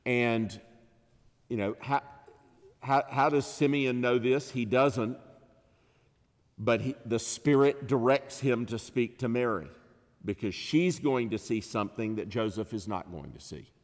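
A man preaching an expository sermon, measured and emphatic, rising in pitch and volume on key phrases. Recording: long reverb of a large hall.

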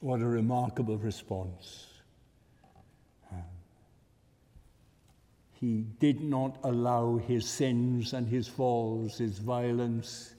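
A man delivers a sermon in a slow, deliberate way, his voice dark and mellow. He rises to fervent emphasis and then drops to a hush. The sound carries a long reverb, as in a church hall. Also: medium pitch, steady tone. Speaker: preacher.

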